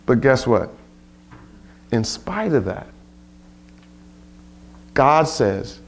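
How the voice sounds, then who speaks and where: A man's voice: mid-range voice, big pitch swings, drawn-out words, vocal fry, pauses often. A man leading a Bible study at a retreat, preaching informally with rhetorical questions and playful asides.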